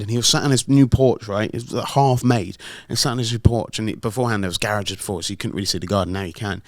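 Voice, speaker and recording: A middle-aged podcast host tells rambling, filler-heavy stories in casual chat, speaking quickly with few pauses in a lowish voice. There's no echo.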